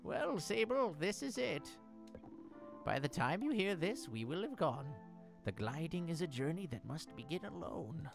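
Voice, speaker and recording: A tender woman's parting message, as a male streamer puts her on, pitched higher than his own voice and rising and falling with feeling. A gravelly edge creeps in under the words while game music plays behind. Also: sing-song, measured pace, heavily acted. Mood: tender farewell. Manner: warm, wistful and reassuring. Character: gentle woman sending a farewell message.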